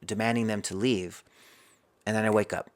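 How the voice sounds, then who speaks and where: A man's voice: fairly low pitch, steady tone, moderate pace. A man as a podcast guest, telling a personal story and acting out his own inner dialogue.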